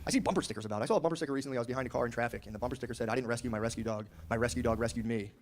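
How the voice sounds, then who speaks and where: A man's voice: mid-range voice, rapid-fire. A man doing a stand-up comedy set, brash and crude, talking casually and slipping into mocking voices.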